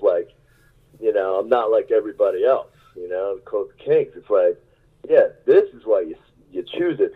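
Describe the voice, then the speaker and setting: A man's voice: fairly low pitch, slightly rough. A male musician telling rambling, self-mocking stories in a casual interview, laughing often, over a tinny phone-like line. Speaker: musician guest.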